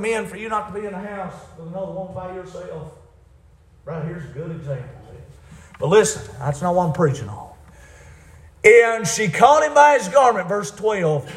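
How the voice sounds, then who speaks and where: A man preaching a sermon, fervent, rising to shouts and dropping to hushed asides. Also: sits high, roomy sound.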